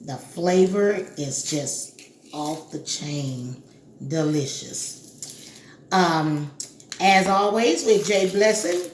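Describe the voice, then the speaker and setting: A woman's voice: fairly low pitch, expressive, slow, echoey room, a little hiss or hum. A woman hosting a cooking video, chatting casually and giving step-by-step instructions straight to the viewer.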